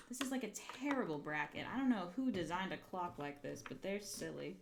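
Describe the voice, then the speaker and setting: This livestreamer is a young woman with a lowish voice and vocal fry, talking fairly quickly with lively intonation and few pauses. She works on a craft project while muttering, cursing, joking at her own expense and chatting with her audience. A little hiss or hum can be heard.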